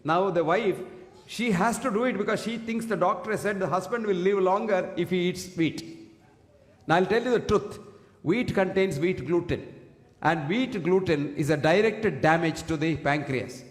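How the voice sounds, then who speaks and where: A man's voice: high voice, normal speed. A man giving an emphatic public health talk to an audience, standing at a single microphone and often asking the listeners questions. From India. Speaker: speaker addressing an audience. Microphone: single fixed microphone, standing. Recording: echoey hall with long reverb.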